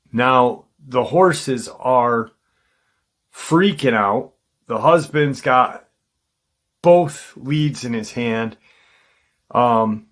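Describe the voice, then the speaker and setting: A man hosting a paranormal channel, casually retelling a witness's encounter in a halting way, with frequent ums and restarts. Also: medium pitch, a bit bright.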